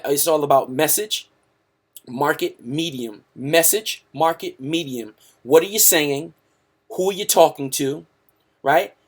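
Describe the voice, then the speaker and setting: A man hosting a sales webinar, hyped and salesy, tacking "right?" onto nearly every sentence and calling his listeners "guys". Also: mid-range voice. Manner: hyped, repeats "right?" constantly; salesy, pumped, talks to the audience as "guys". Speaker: webinar host.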